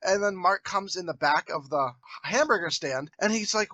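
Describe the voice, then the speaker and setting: A man with a high, bright voice chats on a movie review podcast, recounting scenes in a laid-back, amused way. His sound is dry and close to the mic. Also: lively intonation, normal speed, no echo. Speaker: podcast co-host. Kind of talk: casual movie review chat.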